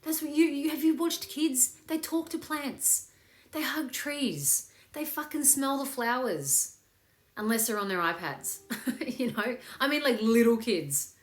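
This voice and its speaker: A woman's voice: high-pitched, expressive, measured pace. A woman hosting a casual live chat that leads into a meditation, upbeat and swearing freely. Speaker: meditation host. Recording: echoey room with faint music.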